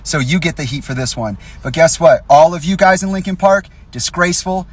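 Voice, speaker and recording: A man's voice: a little high, steady tone, a little fast. A young man in an angry, profane direct-to-camera rant, confronting and accusing the people he addresses. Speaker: vlogger.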